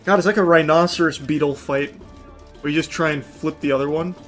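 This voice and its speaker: A man doing let's play commentary, shouting and swearing at the game and then dropping to low, dry asides. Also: fairly even intonation, brisk, soft background music. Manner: drops to low, dry asides between outbursts. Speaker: gaming streamer.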